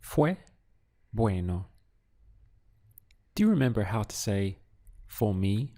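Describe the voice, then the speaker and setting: Man teaching a lesson real slow, dark mellow voice, asks then answers. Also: fairly low pitch, very animated. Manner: poses prompts, pauses, then gives answers syllable by syllable. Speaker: language teacher. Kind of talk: slow, deliberate audio language lesson.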